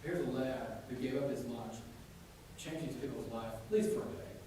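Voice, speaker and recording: A man preaching a sermon in a church, telling jokey stories and shouting out quoted lines. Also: medium pitch, moderate pace, a little hiss or hum. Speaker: pastor. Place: church sanctuary. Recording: echoey church room from a distance.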